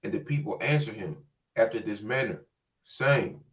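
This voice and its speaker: A man reading scripture aloud in a steady, measured way. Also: on the low side. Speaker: scripture reader. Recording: dull, distant mic.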